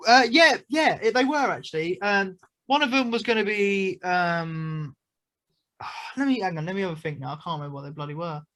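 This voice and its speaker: A chatty young British man, a magician guest in a casual interview. He has a slightly higher voice than most men and tells his stories in a loose, rambling way, full of fillers and asides. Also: moderate pace, bright, forceful tone.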